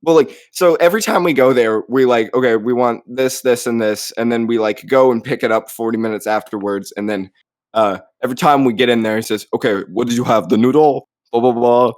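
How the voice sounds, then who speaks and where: A man's voice: mid-range voice, brisk, dry recording, studio quality. A young man co-hosting a podcast, telling a story in casual chat and laughing often as he jokes. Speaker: podcast co-host.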